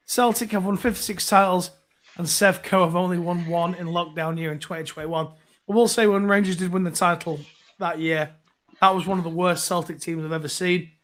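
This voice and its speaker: A man's voice: sits high, fairly bright tone. A man hosting a casual live phone-in, reading out viewer comments in a chatty, rambling way with plenty of fillers.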